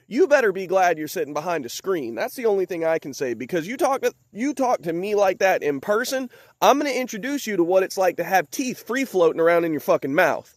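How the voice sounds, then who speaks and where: In a clean, dry studio recording, a vlogger with a high, sing-song voice talks fairly quickly. He swears and makes threats in a heated rant to the camera, then shifts to chatting casually about his truck project.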